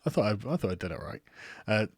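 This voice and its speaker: A man's voice: on the low side, very animated, fast, husky, no room sound, clean studio sound. A young adult English man with an English accent, rambling and laughing as he reads viewer comments on a casual livestream. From England. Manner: rambling, laughs often, swears freely, self-mocking. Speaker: political commentary streamer.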